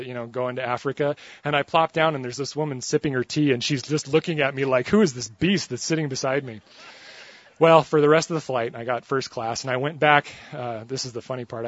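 A man preaching a sermon, telling a funny personal story in an animated, joking way. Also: mid-range voice, no room sound, dull audio.

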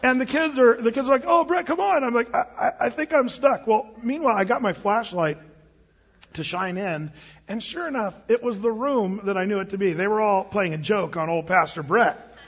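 A man telling a story in a sermon as a pastor, animated and laughing at his own tale. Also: high-pitched, normal speed, breathy edge. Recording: dull audio with long hall reverb.

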